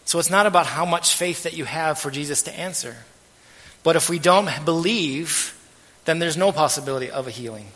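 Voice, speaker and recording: A man preaching a sermon as pastor, earnest and measured, letting his phrase ends trail off softly. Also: on the high side. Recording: long hall reverb.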